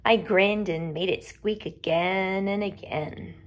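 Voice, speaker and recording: A woman reading a novel aloud to her students, slow and expressive, dropping to a whisper at times. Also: medium pitch. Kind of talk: storybook read-aloud.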